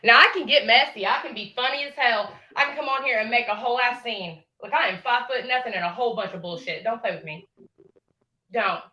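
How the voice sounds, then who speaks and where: Bright, brash woman talking trash. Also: on the high side, fairly quick, lo-fi sound. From Indiana, United States. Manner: brash, threatening, sassy trash talk. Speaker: livestream caller. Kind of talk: heated livestream confrontation.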